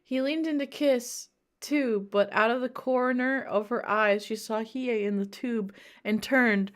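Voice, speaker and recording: A woman's voice: a little high, measured pace. A woman streamer reading bad fanfiction aloud, breaking off for mocking, profane asides.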